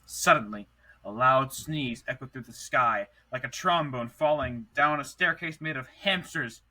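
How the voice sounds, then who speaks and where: A man's voice: medium pitch, unhurried, sharp tone, poor audio. A young man co-hosting a podcast, reading a silly story aloud in a playful way, stumbling over and restarting words. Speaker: podcast co-host.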